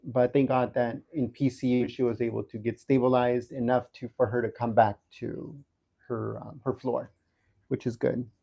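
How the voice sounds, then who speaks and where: A man giving a casual livestream update from a hospital room, talking haltingly with many fillers and restarts. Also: mid-range voice, level tone, vocal fry, dark tone, husky, dull audio. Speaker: livestream host updating viewers.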